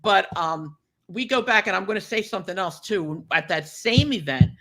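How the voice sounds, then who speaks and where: An older woman hosting a podcast, telling chatty, animated stories and laughing often. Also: mid-range voice, moderate pace. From New Jersey. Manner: animated, chatty storyteller who laughs a lot. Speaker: podcast host. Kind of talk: casual chat.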